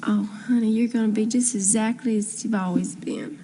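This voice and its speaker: An actress playing a sweet, doting young wife and would-be singer in a 1970s TV soap. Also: female voice, a little high, steady tone, moderate pace, warm tone, slight background noise, natural voice. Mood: soothing.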